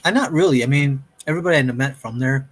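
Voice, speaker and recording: A man's voice: mid-range voice, fast talker, husky. A middle-aged man, an artist hosting a livestream, chatting casually and rambling through stories. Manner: relaxed, rambling, storytelling. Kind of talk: casual chat.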